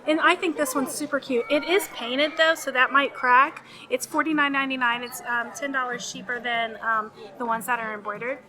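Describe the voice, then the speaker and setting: A woman's voice: high voice, steady tone, normal speed, few pauses, crowd noise. Chatty woman gushing in a shopping vlog. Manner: chatty, gushing about merchandise. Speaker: theme park vlogger.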